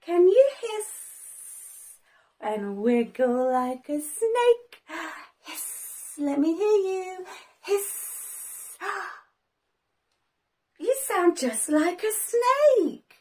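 A woman with a very high, bouncing voice leads toddlers through sounds and words at an unhurried, drawn-out pace. She speaks slowly and sing-song, with big gasps, and quiet music plays underneath. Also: big pitch swings. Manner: slow, sing-song, with exaggerated gasps and praise. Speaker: toddler teacher. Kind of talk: children's learning video.

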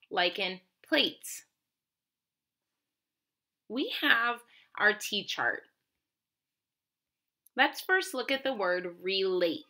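A woman teaching a children's phonics lesson, enunciating words clearly and encouraging her listeners. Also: medium pitch, pushed and bright.

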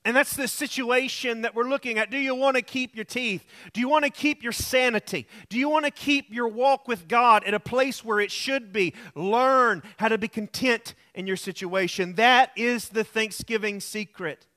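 A man's voice: very high-pitched, normal speed, hardly any pauses, bright, forceful tone. A male pastor preaching alone in a room, earnest and repetitive, telling anecdotes. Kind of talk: sermon.

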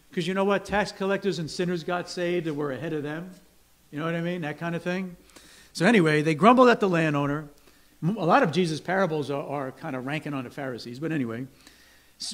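Speaking a little fast with an expressive, slightly high voice, this pastor gives a conversational sermon in a church sanctuary. He frequently asks the congregation "right?" and acts out grumbling workers with a raised voice.

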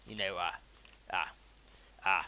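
A man's voice: sits low, steady tone, takes it slowly, pitched below the performer's own voice, heavily acted, rough recording. A man putting on a blustering, stammering older British male politician, dithering and tripping over filler sounds. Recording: loud background noise and clicks.

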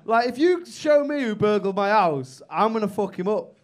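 A male comedian works the crowd from a club stage, his voice sitting a little high for a man. He talks in a brash, sweary, teasing way, ribbing people in the front rows. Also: animated, moderate pace. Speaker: stand-up comedian. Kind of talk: stand-up crowd work.

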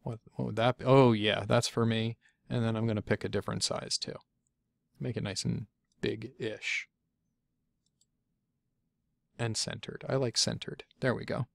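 A man giving a casual software tutorial, chatty and thinking aloud as he clicks through, often stopping to correct himself. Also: medium pitch, flat delivery, normal speed, gravelly, no room sound, clean studio sound. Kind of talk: casual screencast walkthrough.

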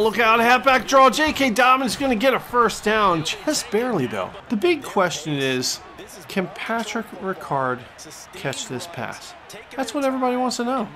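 A man hosting a gaming channel, giving jokey play-by-play commentary over a football video game, with excitable sportscaster outbursts. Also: fairly high pitch. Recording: game music underneath.

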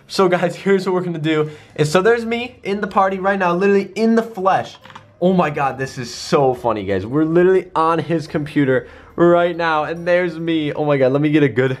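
Young male gaming vlogger, slightly high voice, hyped and breathless, keeps talking to his viewers. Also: a little fast. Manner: hyped, breathless, calls viewers guys and baby. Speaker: gaming YouTuber. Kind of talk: excited gaming vlog.

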